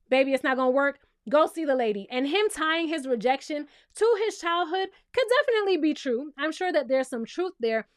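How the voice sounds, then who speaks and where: Woman, high voice, sassy and playful, dry close sound, casual TV recap. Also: no room sound. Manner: sassy, playful, talks straight to the viewer. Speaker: reality TV recap host.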